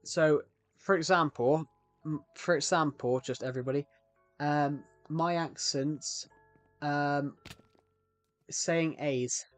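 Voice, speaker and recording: A man's voice: a little high, steady tone, slow, pauses often, soft background music. A young man with a West Country accent, chatting casually on a live stream, rambling and repeating himself with frequent restarts. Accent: West Country English.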